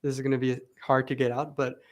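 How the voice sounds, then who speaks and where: A young man asks a question from the audience, hesitant and leaning on fillers. He talks quickly in an even, flat tone. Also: mid-range voice. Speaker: audience member asking a question.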